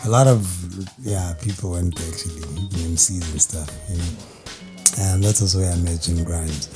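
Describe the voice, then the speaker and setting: A man's voice: deep voice, moderate pace, loud music behind the voice. A South African man and rapper, chatting in a loose, rambling way full of fillers on a radio interview, and rapping in rhyme. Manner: laid-back, rambling with many fillers. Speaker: rapper guest. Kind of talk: casual interview chat and rapping. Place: radio studio.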